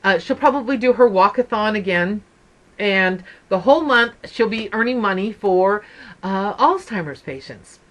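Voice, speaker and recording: A woman's voice: medium pitch, expressive, moderate pace, fairly bright tone. A middle-aged woman hosting her stitching channel, chatting to viewers in a rambling, storytelling way. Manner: chatty storyteller, wanders off on tangents. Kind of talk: casual chat to viewers.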